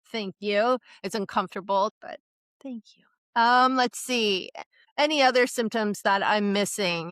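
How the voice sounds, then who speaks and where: This is a middle-aged woman co-hosting a podcast, chatting casually in a frank, self-deprecating way and swearing a lot. Her voice is medium-pitched and fairly bright, with no room sound.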